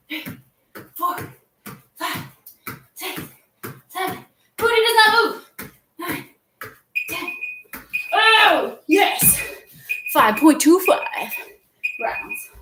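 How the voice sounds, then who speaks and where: High-voiced woman counting workout reps. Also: animated, extremely slow, pauses often, noisy background. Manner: counts reps aloud, playful encouraging cues. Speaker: fitness instructor. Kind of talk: livestream workout coaching. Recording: echoey room, voice far from mic. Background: faint workout music.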